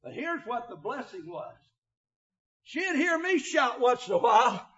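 An older man preaching an emotional sermon, often shouting, with a filler 'uh' between phrases. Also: extremely high pitch, big pitch swings, a little slow, dull audio, crowd noise.

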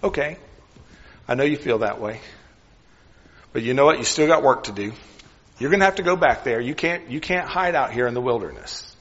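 A man voicing God as a gentle, fatherly figure, speaking in a soft, hushed way that is tender and reassuring. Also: medium pitch, lively intonation, normal speed, pauses often, husky, lo-fi sound. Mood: gently firm. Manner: tender, reassuring, close and personal.

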